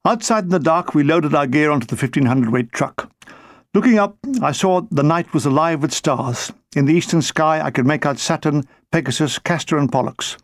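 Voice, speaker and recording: A man's voice: a little high, normal speed, dry recording. A man reading his own wartime memoir aloud, with a dry comic storytelling manner. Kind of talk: audiobook narration.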